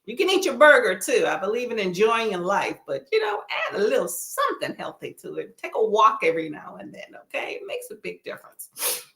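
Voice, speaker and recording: Texan woman chatting on a livestream, lots of y'all, gravelly voice that jumps up and down. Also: medium pitch, sing-song, a little fast, a bit bright, roomy sound. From Texas. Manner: chatty, folksy, says y'all, reads chat aloud. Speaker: livestream host. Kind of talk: casual chat with live chat readers.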